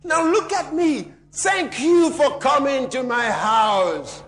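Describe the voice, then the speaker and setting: A man voicing a healed village woman who shouts her thanks in high, exultant cries. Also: expressive, slow pace, exaggerated voice. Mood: jubilant.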